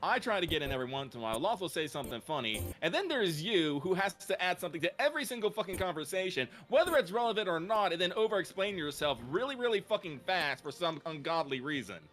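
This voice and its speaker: A man with a bright, lively voice, talking quickly. He teases his friends bluntly and swears often while they play a game. His pitch bounces around as he rants. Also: soft background music. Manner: blunt, profane teasing. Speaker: stream co-player. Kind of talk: casual chat over voice call.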